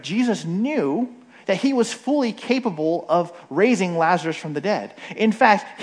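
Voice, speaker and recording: A man preaching in a relaxed, conversational way, his voice sitting a little higher than most men's. He keeps checking in with his listeners with "right?" and slips into quick voices when he quotes others. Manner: frequent "right?" tag questions, acts out quoted voices. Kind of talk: conversational sermon.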